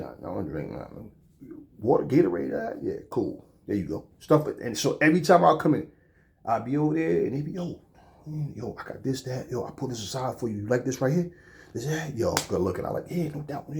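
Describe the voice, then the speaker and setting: A man's voice: medium pitch, a little mellow. A man hosting a boxing channel, talking casually and bluntly to his viewers, swearing often and rambling. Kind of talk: casual talk to camera.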